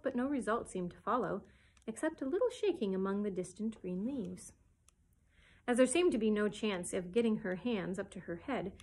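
A woman reads a children's storybook aloud with expressive, lively storytelling. Her voice sits fairly high and has a soft, husky breathiness. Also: low-quality recording. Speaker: children's librarian.

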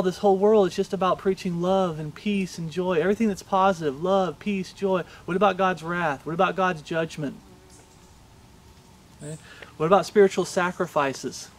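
Male pastor, higher voice, impassioned sermon delivery, scripture readings and rhetorical questions. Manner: impassioned preaching, reads scripture aloud, asks rhetorical questions.

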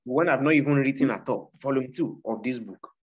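A man's voice: mid-range voice, fairly quick. A man with a Nigerian accent, an author speaking about his book in an emphatic, preaching style, repeating his points to urge listeners on. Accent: Nigerian English. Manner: emphatic and repetitive, exhorting listeners. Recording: dull lo-fi recording.

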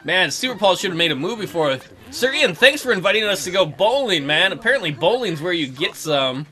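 An excitable young man commentating a life-sim game as he plays it. His high voice swings widely from note to note and has a bright, sharp edge. He jokes and voices the characters' lines between his own remarks. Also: a little fast. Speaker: let's play gamer. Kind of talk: casual gameplay commentary.

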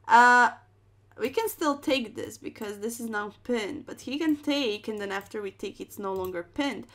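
A woman's voice: mid-range voice, expressive, moderate pace. A young woman streaming chess, commentating her moves with playful slang and dramatic exclamations.

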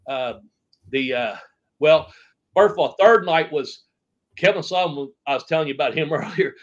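Rambling, swearing man telling wrestling stories. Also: a little high. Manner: rambling anecdotes, acts out quoted voices, swears freely. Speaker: interview guest, former wrestler. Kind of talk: casual storytelling interview. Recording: dull lo-fi podcast audio.

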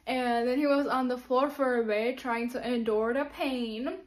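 A woman's voice: fairly high pitch, steady tone, measured pace, few pauses. Chatty giggly young woman telling a story. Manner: chatty, giggly, many fillers. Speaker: vlogger. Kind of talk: casual storytelling to camera.

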